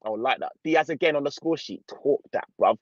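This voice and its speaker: A young man hosts a relaxed live football stream, chatting in slang and reading viewer comments aloud. His voice sits a little high. The sound is dry and slightly muffled, like a lo-fi home mic. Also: a little fast, dry recording. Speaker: football channel host. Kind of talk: casual live stream chat.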